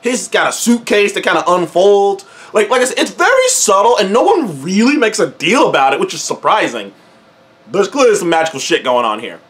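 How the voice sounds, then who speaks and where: Young man, high-pitched, lively, swears a lot, laughs often, casual movie review. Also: brisk. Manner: profane, laughing, repeats words, slangy. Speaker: movie reviewer and show host.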